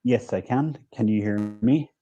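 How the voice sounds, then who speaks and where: A Northern Irish man, an English teacher, chatting on a video call in a relaxed, jokey, self-mocking way. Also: medium pitch, normal speed, lo-fi sound. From Northwest of Ireland, Derry. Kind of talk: casual conversation on a video call.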